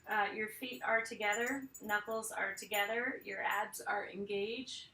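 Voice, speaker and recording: Bright-voiced woman leading a workout. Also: mid-range voice, fairly even intonation, measured pace, roomy sound, far from the mic. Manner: counts reps and cues moves while exercising. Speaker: fitness instructor. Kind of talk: workout instruction.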